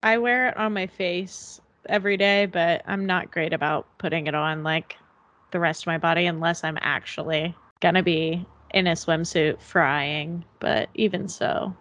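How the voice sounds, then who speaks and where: A young woman co-hosting a podcast in casual chat, relaxed and rambling with lots of fillers. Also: lowish voice, normal speed. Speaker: podcast co-host.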